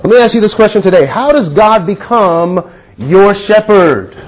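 A man with a high voice preaches a sermon. He is earnest and leads his listeners in repeating lines after him. He stretches key words out slowly for emphasis. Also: expressive.

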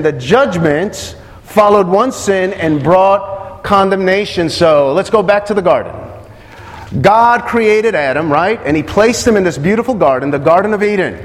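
A man with a high voice preaches a sermon. He puts questions to the congregation and repeats his key phrases. His voice rings out in a hall with a long echo.

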